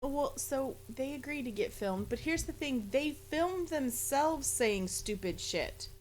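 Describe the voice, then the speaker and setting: A blunt, profane woman co-host chats casually. Her pitch is high and swings around a lot. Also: expressive, slow, low-quality recording. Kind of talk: casual chat.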